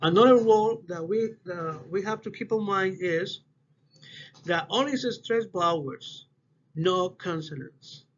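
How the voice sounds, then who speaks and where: A man giving a class presentation, speaking haltingly and often restarting his phrases. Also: high voice. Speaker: student presenter. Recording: dull lo-fi audio with faint hiss.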